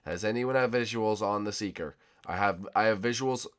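A man's voice: on the low side, moderate pace. A young man with a sore throat giving playful, jokey commentary on a hide-and-seek game with friends. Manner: excitable, jokey, shouts and laughs. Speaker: gaming YouTuber.

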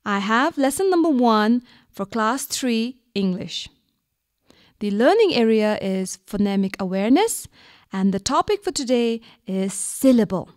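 Slow, lively-voiced teacher woman. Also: a little high, no echo, studio quality. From Bhutan. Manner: slow, patient, asks questions and answers them. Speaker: primary school teacher. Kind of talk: radio lesson for children.

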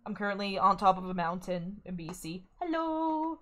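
Bubbly, excitable woman streamer. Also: mid-range voice, normal speed, faint music behind. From Saskatchewan, Canada. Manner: excitable, squealing, laughing often. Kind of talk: live gameplay stream chatter.

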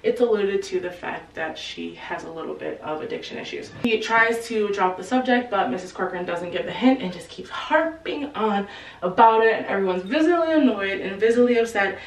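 A woman's voice: medium pitch, animated, a little fast. A young woman in her twenties casually retelling a novel's plot in a chatty, slang-filled way. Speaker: book channel host. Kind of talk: casual book summary storytelling. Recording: roomy, distant from the mic.

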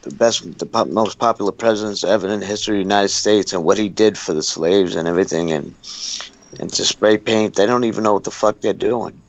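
Male co-host, lower voice, indignant and halting; lo-fi audio, faint background noise. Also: vocal fry. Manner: indignant, halting with repeated restarts. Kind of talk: casual commentary chat.

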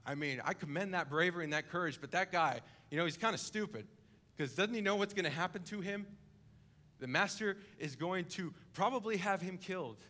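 A young adult coordinator preaching a sermon in church, telling a story vividly, dropping to a hush and then building to emphasis. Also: male voice, a little high, animated, a little fast. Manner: vivid storytelling, acting out the characters; swings between hushed and emphatic. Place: church service, live-streamed.

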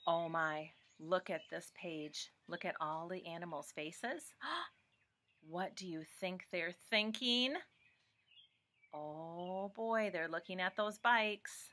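Bright, slow-talking woman reading to kids. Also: lowish voice. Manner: warm, encouraging, asks the listener questions. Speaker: storyteller reading to children. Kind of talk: children's read-aloud.

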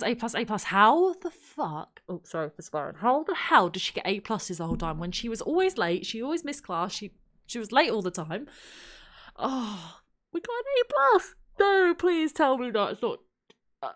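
A woman's voice: medium pitch, fairly bright tone. A woman giving chatty let's play commentary, thinking aloud and exclaiming at what happens in the game. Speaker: gaming channel host.

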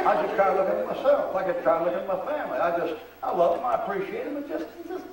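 A man's voice: high-pitched, recorded from a distance, slight background noise. An older man preaching a sermon, telling folksy stories and acting out the voices of the people in them. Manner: folksy storytelling, acts out quoted voices. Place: church. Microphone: far camera. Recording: roomy echo, recorded from afar.

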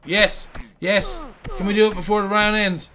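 A man commentating his own video game play, joking around and bursting into loud, profane outbursts. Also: high-pitched, normal speed. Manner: profane, excitable outbursts and rambling jokes. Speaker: gameplay commentator.

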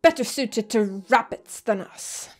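A woman's voice: a little high, animated, unhurried. A woman voicing a haughty aristocratic male pigeon schoolboy with a clumsy put-on French accent in a game playthrough. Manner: imperious, disdainful, botched French accent. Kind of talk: fan voice acting in a game playthrough.

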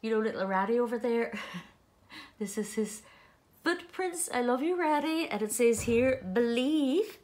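A woman chatting casually to viewers as she unboxes a doll parcel, gushing and excitable. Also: fairly high pitch, a little slow, echoey room. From Ireland. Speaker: doll collector vlogger.

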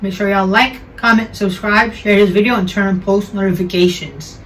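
A man's voice: high-pitched, steady tone, moderate pace, fairly bright tone, far from the mic, slight background noise, poor audio. A young man chatting casually as a sneaker vlogger, slangy and correcting himself as he goes.

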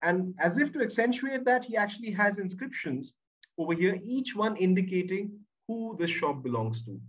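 A man's voice: high voice, expressive, normal speed. A man giving an academic webinar lecture. He reads passages aloud, comments on them, and often ends his points with "right?". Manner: tags statements with a questioning "right?". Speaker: academic presenter. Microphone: computer mic on a video call. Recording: muffled, distant webinar audio.

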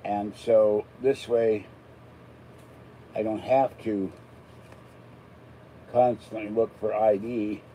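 A man's voice: on the low side, mellow, a little hiss or hum, rough recording. An older man from Pittsburgh, chatting casually and rambling between topics as he unboxes an item. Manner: chatty, digressive, self-deprecating asides. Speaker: unboxing vlogger.

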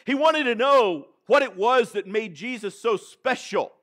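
A man with a Texan accent preaching a sermon in church, dramatic and animated, calling on the congregation to answer back. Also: extremely high pitch, measured pace. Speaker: pastor. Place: church sanctuary.

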